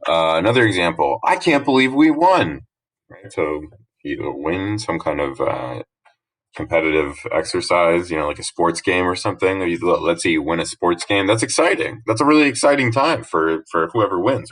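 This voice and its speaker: A man's voice: sits low, normal speed, fairly bright tone, poor audio. A young man teaching grammar from slides in a casual, explaining way, often checking in with "right?". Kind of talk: recorded slide lesson narration.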